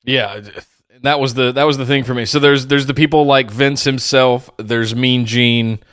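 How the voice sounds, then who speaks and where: Male co-host, smooth resonant voice, thoughtful delivery, dry close recording. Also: mid-range voice, fairly even intonation, normal speed, a bit bright, dry recording. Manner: reflective, searching for words. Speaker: podcast co-host. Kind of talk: casual wrestling chat.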